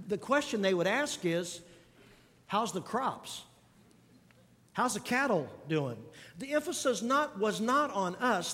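A man's voice: high voice, fairly bright tone, big-room sound. A man preaching a sermon as pastor, driving points home by repeating key lines and putting questions to the congregation. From grew up on a farm. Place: church sanctuary.

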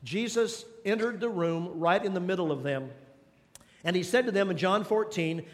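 A male pastor with a high voice preaches an emphatic sermon, pressing his listeners with questions and repeated phrases. His voice carries a long reverb from the large hall around him. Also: moderate pace. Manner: emphatic, exhorting the congregation with questions and repetition.

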